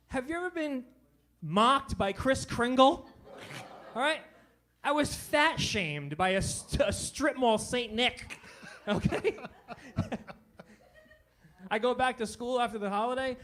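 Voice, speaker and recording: A man in his forties runs through a stand-up set, joking at his own expense with punchy delivery and tagging each punchline with "all right?" to check in with the crowd. His voice is fairly high for a man and fairly bright, with lively intonation, an unhurried pace, and frequent pauses.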